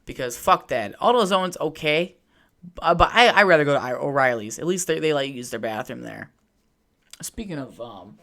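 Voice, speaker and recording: A man's voice: a little high, expressive, normal speed, gravelly, sharp tone. A young man hosting a solo podcast from home, telling a rambling, swear-heavy story in a casual chat. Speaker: podcast host. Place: at home by a window.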